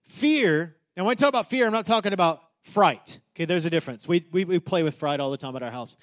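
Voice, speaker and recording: A man's voice: high-pitched, lively intonation, fast. A man in his thirties, a pastor preaching a sermon in a casual, emphatic way, often restarting his sentences.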